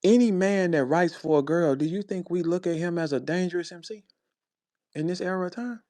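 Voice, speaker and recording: Fired-up St. Louis rapper, dry close sound. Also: male voice, a little fast, no echo. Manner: confrontational, profane, repeats "bro" and "man"; swings between low muttering and loud high outbursts. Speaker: battle rapper addressing a rival. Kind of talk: heated monologue on a live audio space.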